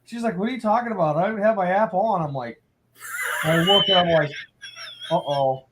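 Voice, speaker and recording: A man's voice: high-pitched, normal speed, heavy background noise. A man hosting a casual live talk show, telling a funny story with lots of laughter. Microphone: own mic at home.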